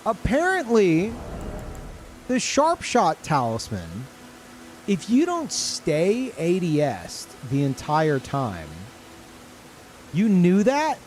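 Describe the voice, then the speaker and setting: Male streamer, higher pitch, swearing and incredulous, unhurried delivery. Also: a little hiss or hum. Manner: excitable, incredulous, swears often, laughs a lot. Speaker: game streamer. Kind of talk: live gameplay commentary.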